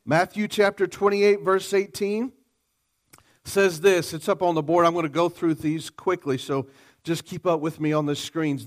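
A man's voice: fairly high pitch, steady tone, moderate pace. A man preaching a sermon in a church, emphatic and calling on the congregation to respond. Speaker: pastor.

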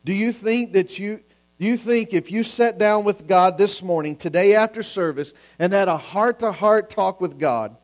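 A man's voice: high voice, moderate pace. A man preaching a sermon as pastor, earnest and full of repeated questions.

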